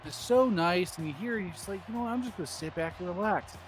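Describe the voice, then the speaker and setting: A man's voice: high-pitched, expressive, quick pace, soft background music. A man doing rambling, jokey play-by-play commentary on a baseball video game stream.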